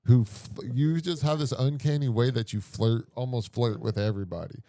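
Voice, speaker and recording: A man's voice: medium pitch, moderate pace, dark tone, no echo, clean studio sound. A man co-hosting a comedy podcast, joking crudely with restarts and frequent laughter. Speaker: podcast co-host. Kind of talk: crude casual banter.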